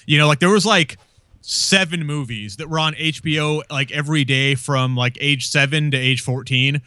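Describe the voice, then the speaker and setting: A man's voice: a little high, normal speed, bright, forceful tone, clean tone, no echo. A man in casual chat, rambling and swearing freely with many restarts.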